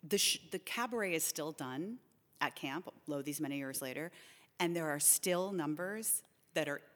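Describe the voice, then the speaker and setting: A middle-aged woman, a guest in a casual podcast conversation, telling animated, self-deprecating stories. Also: low voice, moderate pace, in a large hall.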